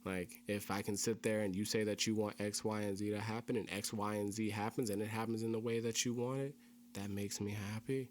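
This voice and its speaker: A very deep-voiced young man hosts a casual podcast chat and explains his views earnestly and at length. He often repeats key phrases for emphasis. A faint hum sits under the recording. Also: little pitch movement, brisk. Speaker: podcast host.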